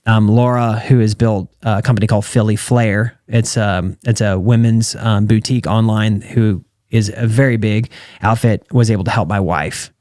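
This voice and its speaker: American guy in his 30s on a podcast, lively storyteller, plays out the quotes, dry close sound. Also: fairly low pitch, normal speed, no echo. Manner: animated storyteller who acts out quoted dialogue. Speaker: guest, retired champion calf roper and entrepreneur. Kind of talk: casual storytelling interview.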